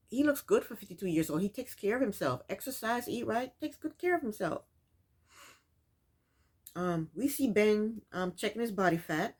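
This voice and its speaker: Her voice sits on the low side with a darkish tone as she runs through a reality show's events in a casual recap. She tells it her own way, sassily scolding the people in it.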